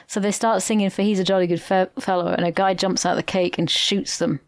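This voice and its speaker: A woman's voice: mid-range voice, fairly even intonation, fast talker, dry recording, studio quality. A woman, co-hosting a podcast and retelling a film plot in casual chat, swearing freely. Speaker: podcast co-host.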